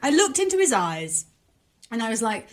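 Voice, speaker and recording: A woman's voice: on the high side, sing-song, normal speed. A woman in her twenties co-hosting a casual podcast, telling a dating story with lots of laughing and whispered asides. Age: 20s. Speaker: podcast co-host. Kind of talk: casual chat.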